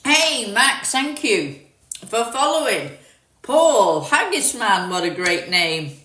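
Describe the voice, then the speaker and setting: This middle-aged woman from London, whose southern English accent partly mixes with northern, hosts a casual livestream where she reads and answers viewer comments. Her high-leaning voice is very animated and sharp, yet she takes her time. The phone picks her up from afar, with a roomy sound.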